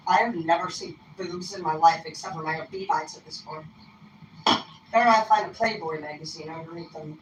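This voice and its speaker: A woman's voice: on the low side, fairly bright tone. A young woman telling rambling, profane personal stories in a casual, laid-back way. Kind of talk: casual storytelling. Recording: roomy echo, mic at a distance, faint noise.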